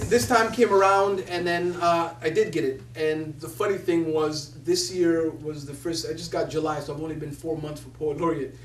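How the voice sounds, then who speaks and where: Animated man storyteller, echoey room. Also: sits high. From Somalia. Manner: animated, laughing, quotes others in voices. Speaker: poet laureate. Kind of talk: storytelling talk. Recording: echoey room from a distance with faint hum.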